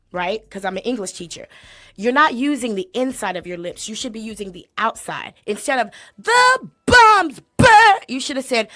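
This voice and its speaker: A woman hosting a comedic vocal critique, sassy and mocking, bursting into exaggerated loud sung imitations. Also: mid-range voice. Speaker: host critiquing a singer. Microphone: desk mic.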